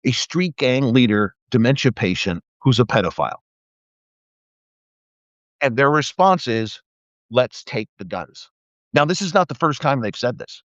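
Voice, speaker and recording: A middle-aged man rants angrily on his live video, swearing and slipping into mocking sarcasm. His voice sits at a middle pitch. The sound is dull and dry, like a cheap stream mic. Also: lively intonation, normal speed, long pauses, dry recording. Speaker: livestream host, former police officer. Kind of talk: angry political rant. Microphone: phone or webcam on a live video.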